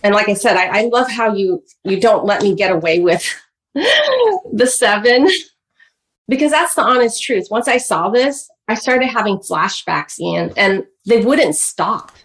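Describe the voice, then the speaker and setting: A woman's voice: medium pitch, lively intonation, measured pace, low-quality recording. A middle-aged woman, a guest author, telling a personal story in a podcast interview, earnest and emotional, often addressing the host by name. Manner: acts out quoted voices of parents.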